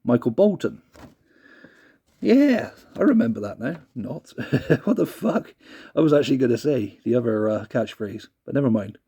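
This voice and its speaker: A man's voice: medium pitch, expressive, normal speed, warm tone, slightly rough. A man casually rambling through a CD review, self-deprecating and apologetic. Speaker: vlogger reviewing a CD.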